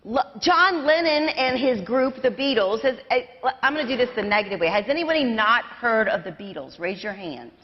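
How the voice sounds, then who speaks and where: A woman's voice: fairly high pitch, expressive, brisk, hardly any pauses. Woman pastor preaching in an echoing church. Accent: American. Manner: conversational, self-deprecating, sings snatches of lyrics. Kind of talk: sermon. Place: church sanctuary. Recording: dull livestream sound with long church reverb.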